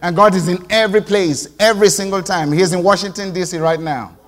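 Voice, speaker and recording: A man preaching a sermon to his congregation, moving from quiet reflection to emphatic call-and-response. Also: sits high, fairly even intonation, fast, in a large hall. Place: church sanctuary.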